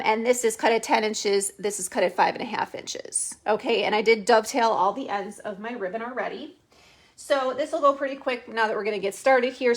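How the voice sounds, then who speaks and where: Chatty woman teaching a craft. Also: fairly high pitch. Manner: chatty, explains step by step with frequent "okay" and fillers. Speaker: craft tutorial host. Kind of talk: casual craft demonstration. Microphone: phone camera.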